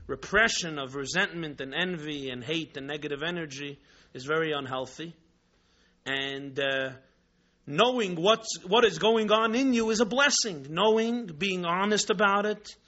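A man teaching a religious class with lively, emphatic storytelling and rhetorical repetition. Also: sits high. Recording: dull lo-fi recording.

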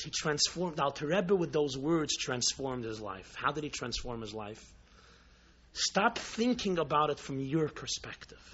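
A man's voice: on the high side, sharp tone, highs cut off, slight background noise. A man, a Jewish religious teacher, giving a sermon with a story, impassioned and full of rhetorical questions.

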